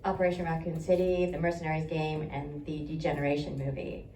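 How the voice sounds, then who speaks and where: A woman with a fairly low voice chats wryly about her career, slipping in jokes at her own expense. She is heard from a distance in an echoey hall. Faint noise runs behind her. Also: little pitch movement, a little fast, mellow. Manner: chatty and wry, joking at her own expense. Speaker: voice actor panelist. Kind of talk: casual panel chat. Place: convention panel hall. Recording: echoey hall recorded from far off.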